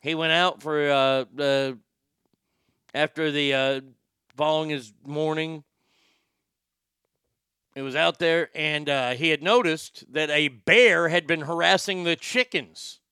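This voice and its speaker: A man's voice: on the high side, slow, pauses often, bright, forceful tone, clean tone, no room sound, studio quality. A man hosting a show, telling crude news stories in a sarcastic, joking way. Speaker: host. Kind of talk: casual comedic news commentary.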